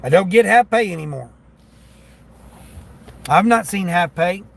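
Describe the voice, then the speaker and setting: A man's voice: sits high, lively intonation, unhurried, vocal fry, a bit bright. A man livestreaming while driving for delivery apps, chatting casually and complaining about customers who don't tip. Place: in a car.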